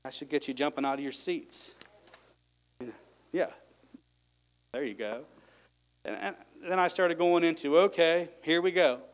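A man's voice: fairly high pitch, unhurried, pauses often, poor audio. A man preaching an emotional sermon, getting worked up, sighing and exclaiming between points. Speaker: lay preacher.

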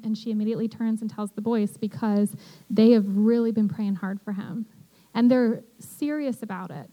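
A woman delivers a relaxed, heartfelt sermon. Her voice sits a bit high yet sounds warm and mellow. She talks earnestly, checking in with her listeners as she goes. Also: low-quality recording. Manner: earnest, conversational, peppered with "you know". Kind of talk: casual sermon.

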